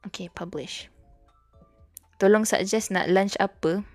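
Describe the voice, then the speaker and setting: A woman's voice: mid-range voice, unhurried, a little mellow, soft background music. A young woman with a Malaysian accent, chatting casually and giggling on a livestream as she studies, switching between languages mid-sentence. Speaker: VTuber streamer. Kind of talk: casual livestream chat while studying.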